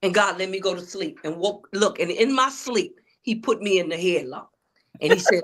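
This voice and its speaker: A woman's voice: medium pitch, moderate pace, a bit bright. A woman, an author and preacher, telling her story in a preachy way and calling out to the crowd. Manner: preachy, addresses audience as y'all. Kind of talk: testimony-style interview talk.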